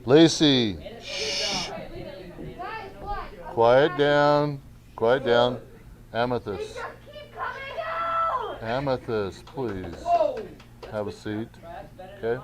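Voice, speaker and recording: Slow-talking male teacher. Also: mid-range voice, a crowd in the background. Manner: slow, casual, keeps saying okay. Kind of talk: classroom instruction.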